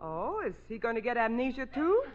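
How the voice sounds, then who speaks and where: A woman's voice: a little high, big pitch swings, a little fast. A woman in a 1950s radio sitcom with a wry, knowing manner, heard on an old broadcast recording. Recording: dull old radio recording with loud hiss.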